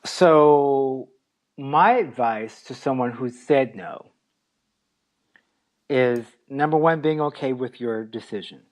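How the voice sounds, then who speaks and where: A man co-hosting a casual podcast, giving relaxed advice point by point and laughing lightly. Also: mid-range voice, slow, long pauses. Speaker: podcast co-host.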